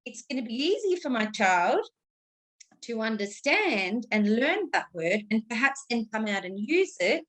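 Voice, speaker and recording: A woman's voice: on the high side, sing-song, unhurried. A woman communication coach giving advice on a panel, explaining patiently and acting out exaggerated intonation.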